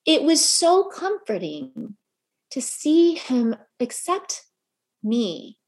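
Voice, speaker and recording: A woman's voice: high voice, sing-song, very slow, darkish tone. A middle-aged woman giving an earnest motivational talk to a gathering of women, often putting questions to the audience. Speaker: speaker addressing a women's gathering.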